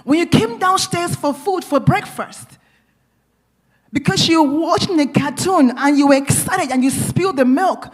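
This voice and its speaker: A woman acting out a short-tempered father who keeps scolding and yelling at his young son, in a sermon story. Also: high-pitched, moderate pace, pitched above the performer's own voice, close to an everyday voice.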